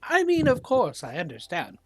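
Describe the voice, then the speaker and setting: A game master voicing a diplomatic deep gnome woman leader who speaks earnestly, with hesitant fillers, on a dry close mic. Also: huge pitch swings, normal speed, slightly rough, dry recording, heavily acted.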